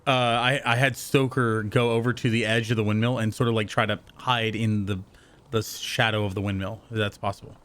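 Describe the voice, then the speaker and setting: A man's voice: fairly low pitch, flat delivery, brisk, a bit bright. A man playing a tabletop game in casual chat, hesitant and rambling as he plans. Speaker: player.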